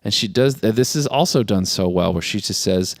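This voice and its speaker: Animated man retelling a film, dry sound. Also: fairly quick, no echo. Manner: animated, acts out quoted lines with big pitch jumps and laughs. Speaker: podcast co-host. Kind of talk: casual chat recapping a film.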